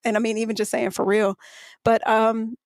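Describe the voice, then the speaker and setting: A woman from Atlanta with a light Southern US accent, chatting as a guest DJ and telling stories in a lively, laughing way. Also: fairly high pitch, normal speed, dry recording. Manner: animated storyteller, laughs often. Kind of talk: casual chat.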